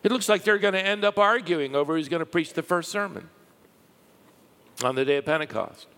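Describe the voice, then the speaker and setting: A man preaching a sermon, telling stories with lively rises and a hushed drop for the quiet parts. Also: on the high side, brisk. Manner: lively storytelling, dropping to a hush for quiet lines. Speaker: pastor. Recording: long hall reverb.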